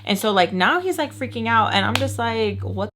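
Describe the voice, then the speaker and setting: A woman's voice: a little high, animated, normal speed, noisy background. A young woman tells a storytime at home while doing her makeup. She talks casually, with constant fillers and rising indignation. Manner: chatty, filler-heavy, indignant. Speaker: vlogger telling a nanny story.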